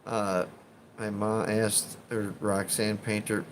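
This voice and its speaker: This Chicago man chats casually on a live stream, reading comments in a rambling, profane style and laughing often. His medium-pitched voice is expressive and a little slow, with long pauses and slight background noise.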